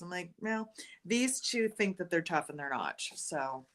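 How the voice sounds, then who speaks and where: A woman co-hosting a casual live stream from her sewing room at home, chatty, laughing often and breaking into quick asides. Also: mid-range voice, lively intonation. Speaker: livestream co-host. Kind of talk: casual chat while sewing. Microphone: computer mic on a live stream.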